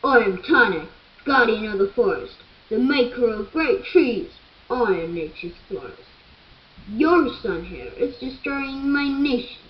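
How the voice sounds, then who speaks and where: A woman's voice: on the high side, animated, measured pace, lo-fi sound. A woman voicing a stern male forest guardian spirit in a storybook tale, speaking solemnly and pleading.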